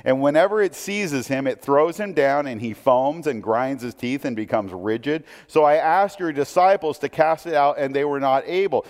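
A man's voice: a little high, darkish tone. Man preaching in a reverberant hall. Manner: reads scripture aloud and comments conversationally. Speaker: pastor. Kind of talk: sermon.

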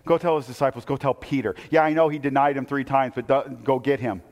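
Man, pastor, sermon, animated storytelling, acts out voices, long hall reverb. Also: mid-range voice, a little fast.

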